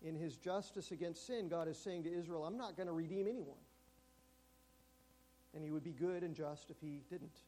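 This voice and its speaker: High-voiced emphatic male preacher. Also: steady tone, slight background noise. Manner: emphatic, slows down and drops to a hush on key words. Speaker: pastor. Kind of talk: sermon. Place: church.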